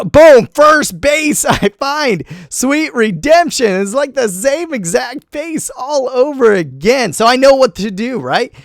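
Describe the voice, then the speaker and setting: A man commenting on a replay of his own game, animated and self-critical, talking to himself as he goes. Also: high-pitched, creaky, no echo, studio quality. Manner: self-critical, talks to himself while narrating; animated, quick swings between groans and cheers. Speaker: gaming channel host.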